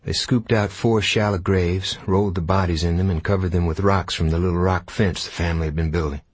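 A man narrating an audiobook in a measured, unhurried storytelling manner. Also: low voice, steady tone, breathy edge, no room sound.

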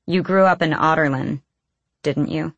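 A woman reading the lines of a blunt, teasing, sharp-eyed clan girl in an audiobook. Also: sits low, unhurried, no echo, highs cut off, full character voice.

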